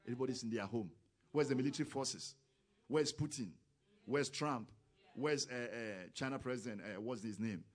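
A man preaching a sermon, who talks with grammar, acts out quoted voices and rises to loud, emphatic exclamations. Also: mid-range voice, moderate pace.

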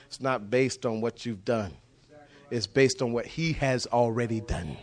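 A man preaching a sermon with passion, repeating phrases and shouting key words for emphasis. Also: medium pitch, a little slow.

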